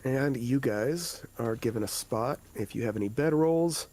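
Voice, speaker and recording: A man's voice: medium pitch, measured pace, darkish tone. A man narrating a tabletop game as game master, in a loose, casual way with fillers and swearing.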